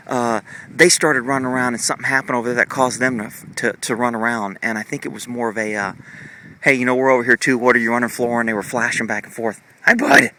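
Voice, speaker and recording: A man's voice: medium pitch, bright, forceful tone, a little hiss or hum. A man casually commenting on his horses while filming them with a handheld camera in a muddy pasture, in a rambling, fond way full of fillers.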